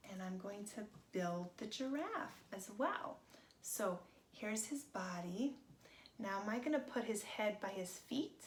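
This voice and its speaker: A woman teaching a children's craft, talking gently and in a sing-song way as if to young children. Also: mid-range voice, expressive, a little slow, roomy sound, slight background noise.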